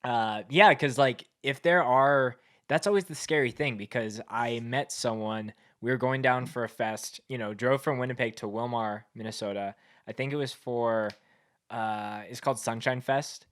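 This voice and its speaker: A man's voice: medium pitch, normal speed, fairly bright tone. Rambling Canadian man on a podcast. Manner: rambling, filler-heavy storytelling with frequent laughs. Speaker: podcast host. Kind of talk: casual chat.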